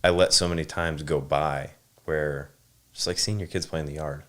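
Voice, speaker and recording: A very low-pitched man speaks as a podcast guest. His talk is casual and reflective, slowing down and hesitating often, with plenty of filler words. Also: steady tone. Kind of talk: casual conversation.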